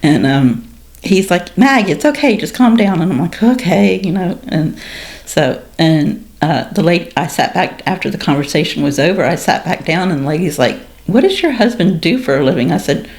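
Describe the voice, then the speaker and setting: A low-pitched, middle-aged woman tells her story in a relaxed podcast conversation. She speaks candidly with a dark sense of humor and brings quoted exchanges to life with sudden jumps in pitch. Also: moderate pace. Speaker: guest sharing her story.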